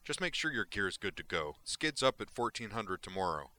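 A short-fused mercenary squad leader, acted out by a man reading the story, barks and swears in a raised, impatient voice. The tone is deep but edged and sharp. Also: big pitch swings, moderate pace. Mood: grumbling. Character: hot-tempered male mercenary squad leader.

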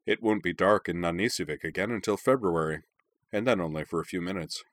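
A man's voice: sits low, brisk, dry recording, clean studio sound, close to an everyday voice. Cheerful kindly father, read by a man. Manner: cheerful, friendly.

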